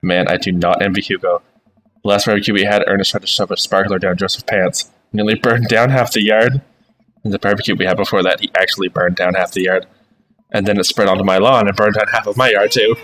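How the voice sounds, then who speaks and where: A young man streaming himself reading through a video game. His voice sits low, and he giggles and swears casually as he goes, with a faint hum behind him. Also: fairly even intonation, fast talker, fairly bright tone, poor audio. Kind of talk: playing and reading a dating game aloud.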